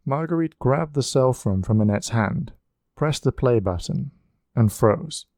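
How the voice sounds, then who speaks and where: A man narrating an audiobook in an even, measured reading. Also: medium pitch, no echo. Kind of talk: scripted narration.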